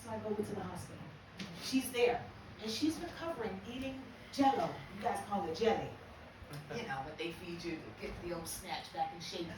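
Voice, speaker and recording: A woman's voice: mid-range voice, lively intonation, a little fast. An older American woman doing a brash, profane stand-up comedy set at a live venue. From United States. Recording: echoey room, far from the mic, noisy.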